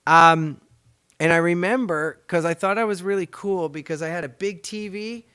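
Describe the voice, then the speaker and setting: A middle-aged man from Canada, a voice actor hosting his show, telling stories in an animated, rambling, chatty way. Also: high voice, normal speed, clear, resonant tone, dry recording, clean studio sound. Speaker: podcast host and voice actor. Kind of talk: casual storytelling chat.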